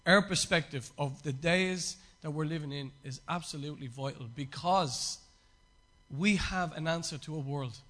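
A man's voice: a little high, normal speed, a bit bright. A man, a pastor, preaching a sermon with emphatic repetition and frequent fillers.

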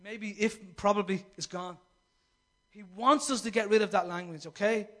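A man delivering a fervent sermon in a strikingly high voice. He keeps asking the congregation questions and slips into the voices of the people he quotes. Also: fairly even intonation, normal speed. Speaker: preacher. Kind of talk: impassioned sermon.

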